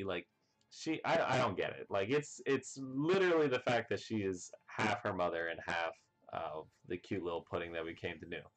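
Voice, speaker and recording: A fairly low-voiced man rattles through a comic chapter recap in a loose, rambling way. He leans on filler words and keeps slipping into the characters' lines with eager energy. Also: normal speed. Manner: rambling, full of "you know" and "like" fillers; excited, acts out characters' lines. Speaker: manga reviewer.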